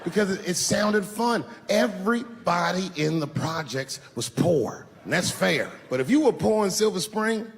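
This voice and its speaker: A man's voice: high-pitched, unhurried, creaky, hardly any pauses, a little hiss or hum. A man performing a stand-up comedy set, telling stories with punchlines to a live audience. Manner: animated storytelling with punchlines. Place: large live venue. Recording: roomy live hall with crowd ambience.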